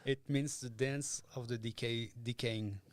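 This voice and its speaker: Man, hesitant, mid pitch, podcast guest. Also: steady tone, unhurried. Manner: hesitant, searching for words, laughs often. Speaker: guitarist guest. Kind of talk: casual podcast interview.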